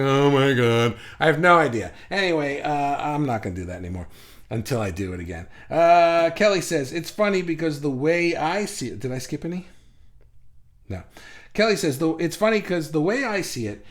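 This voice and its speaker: A man hosting a live stream, reading viewers' comments aloud and riffing on them in a rambling, self-mocking way. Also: a little high. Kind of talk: casual live-stream chat.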